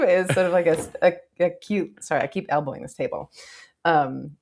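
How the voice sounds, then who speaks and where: A woman co-hosting a book club podcast, casually retelling scenes and acting out characters' lines. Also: moderate pace. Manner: animated retelling, acting out characters' lines with big pitch jumps.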